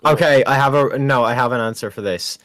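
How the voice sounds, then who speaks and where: A man's voice: medium pitch, fairly quick, a bit bright. A man guesting on a casual gaming podcast, joking around. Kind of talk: casual chat.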